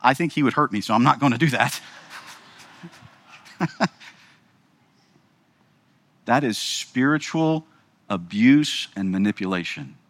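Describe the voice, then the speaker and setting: A pastor preaches a sermon in an emphatic, rhetorical style, often checking in with the audience by asking "right?". His mid-range voice is animated and a bit bright, delivered slowly with frequent pauses.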